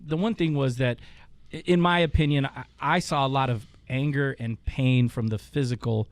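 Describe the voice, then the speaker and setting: A man's voice: medium pitch, fairly even intonation, normal speed, dry recording. A man hosting a casual chat, telling a long story with swearing and laughter. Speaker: podcast host.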